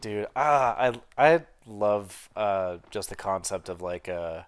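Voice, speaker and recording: A man's voice: fairly low pitch, slow pace, clean tone, dry recording. A young man who hosts a video channel, chatting casually on a voice call, hesitant and eager, with many fillers. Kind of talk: casual chat over a voice call.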